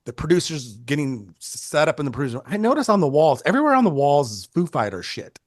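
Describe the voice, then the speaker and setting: An older man, a photographer, telling stories in an interview in a rambling, animated way, acting out the people he quotes and often restarting his sentences. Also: a little high, quick pace, dry recording, clean studio sound. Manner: animated, acts out quoted voices. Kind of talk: conversational storytelling.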